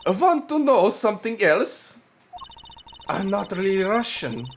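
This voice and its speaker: A man's voice: sits high, sing-song, a little hiss or hum. A man chatting casually and jokingly between voiced lines of a game. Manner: joking, slow and playful. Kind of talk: casual chat while voicing a game.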